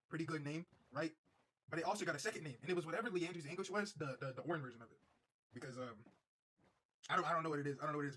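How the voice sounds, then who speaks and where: A young man spins a loose, rambling story for his stream at a quick clip. His voice sits a little high and has a husky edge. He swears freely and circles back over the same points. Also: bright, forceful tone. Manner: rambling, profane, repeats himself. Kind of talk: casual storytelling.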